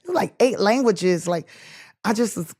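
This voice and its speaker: A woman guest telling personal stories in an interview, animated and quick to act out the voices of the people in them. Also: mid-range voice, no echo, studio quality. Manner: animated storyteller acting out quoted voices. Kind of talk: storytelling interview.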